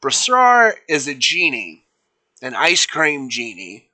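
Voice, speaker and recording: A man's voice: on the high side, huge pitch swings, slow, sharp tone, rough recording. A young man casually narrating his own tabletop fan fiction on a live stream, rambling with fillers and restarts. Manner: rambling, with fillers and self-corrections; voices figures without putting on accents.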